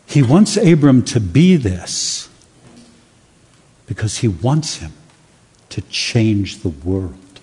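A man preaching a sermon with dramatic, emphatic pauses. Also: lowish voice, big pitch swings, mellow, slightly rough. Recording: long reverb of a large hall.

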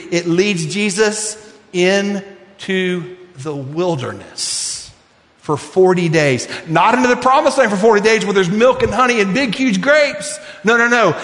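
A male pastor preaching a sermon with passion, swinging from near-shouts to hushed, earnest appeals. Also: high-pitched. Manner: impassioned preaching, rising to shouts and dropping to hushed prayer. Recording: echoey hall with long reverb.

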